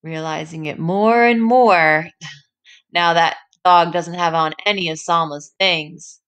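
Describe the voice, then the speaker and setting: Bright-voiced woman teaching a story. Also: lowish voice, slow, smooth. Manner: checks in with frequent "right?". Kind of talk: reading a story aloud and explaining it to a class.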